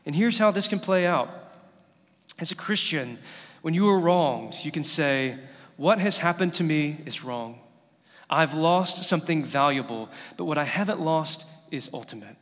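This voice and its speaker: A pastor in his thirties delivers a sermon, talking conversationally with the congregation and then building to emphatic declarations. His voice sits a little higher than most men's. The sound carries a long reverb from the church sanctuary. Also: expressive, normal speed, a bit bright. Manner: conversational preaching that builds to emphatic, rising passages.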